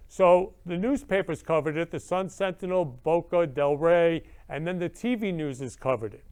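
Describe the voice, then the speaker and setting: A man's voice: fairly high pitch, normal speed, hardly any pauses, darkish tone, clear, resonant tone. A man hosting his own talk show, speaking in an effusive, emotional way and repeating words of love. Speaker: show host. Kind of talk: emotional casual monologue.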